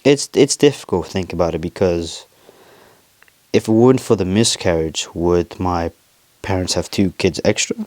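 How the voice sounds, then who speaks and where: A young man hosting his own podcast, talking in a rambling, confessional way with lots of swearing and halting restarts. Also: low voice, a little mellow, no echo. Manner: confessional, emotional. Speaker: podcast host. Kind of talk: casual personal monologue.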